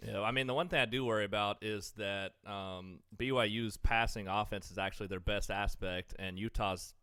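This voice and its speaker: Casting: male podcast co-host, lowish smooth voice, dry close sound, rambling chat. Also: fairly even intonation, normal speed, a bit bright, dry recording. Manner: rambling, filler-heavy, eating while talking. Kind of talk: casual sports chat.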